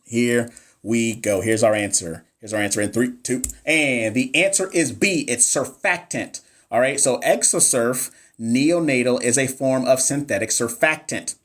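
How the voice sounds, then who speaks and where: A man's voice: mid-range voice, moderate pace. Chatty man coaching nursing exam. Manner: animated, chatty, talks to live chat by name. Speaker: NCLEX review coach. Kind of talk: live-stream exam review.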